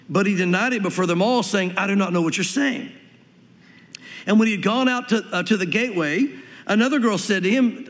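A man with a light Southern US accent preaches in a high, bright voice, talking fast and acting out the voices he quotes. His words ring out with a long echo, as if spoken in a large church hall. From Tennessee, US. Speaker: pastor. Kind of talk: sermon.

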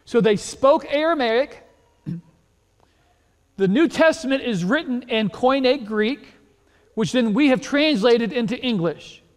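Male pastor, very high voice, chatty animated sermon with lots of rhetorical questions, long church-hall reverb. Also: slow, long pauses. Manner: conversational, animated, rhetorical questions, repeats words. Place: church sanctuary.

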